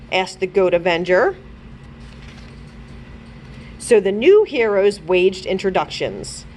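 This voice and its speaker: A woman children's librarian narrating a chapter book aloud with expressive storytelling. She reads slowly and deliberately, and her pitch rises and falls in a lively, animated way that keeps young listeners hooked. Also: slight background noise.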